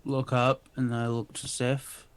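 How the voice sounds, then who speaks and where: A man's voice: medium pitch, little pitch movement, measured pace, clean tone. A man playing a tabletop role-playing game, casually describing his character's actions and laughing often. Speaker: player.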